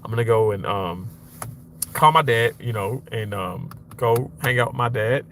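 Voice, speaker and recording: A man's voice: moderate pace, creaky, a little hiss or hum. A man hosting a casual livestream from a car, reading viewer comments aloud in a chatty, playful way. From Mississippi, US. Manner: chatty, playful, reads comments aloud, swings up high when excited. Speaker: livestream host reading chat.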